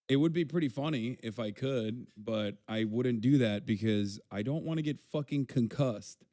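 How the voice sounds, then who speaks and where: A man's voice: medium pitch, a little mellow, no room sound. Blunt, profane male streamer, dry sound. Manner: blunt, profane, talks back to chat. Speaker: streamer reacting to a video. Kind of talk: casual live-stream commentary.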